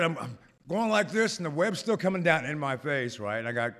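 A man telling a personal story to a live audience, halting and rambling, full of fillers and restarts. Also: fairly high pitch, expressive, fairly bright tone.

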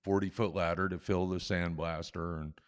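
Older male storyteller with a lower voice, animated and self-deprecating, chuckling through a story into a stage mic. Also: moderate pace. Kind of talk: live personal storytelling. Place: on stage at a live event. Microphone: stage microphone.

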